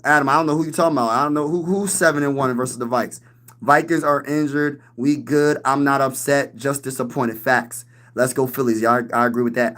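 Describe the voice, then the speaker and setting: A man's voice: mid-range voice, fairly bright tone. A young man hosting a casual sports livestream, reading chat comments aloud and trash-talking other teams. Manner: hypes, reads and answers chat comments, talks trash.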